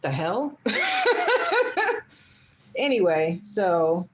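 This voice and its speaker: Chatty woman livestreaming, low-pitched. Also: expressive, normal speed. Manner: chatty, rambling, reads comments aloud; gets heated and emphatic. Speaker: livestream host. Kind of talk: casual livestream monologue.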